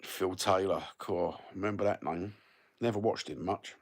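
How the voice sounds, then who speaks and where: A man's voice: low voice, steady tone, normal speed. A man, chatting casually with viewers in a rambling, sweary, blokey way. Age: 50s. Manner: sweary, blokey banter with lots of fillers. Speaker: livestreamer reading viewer comments.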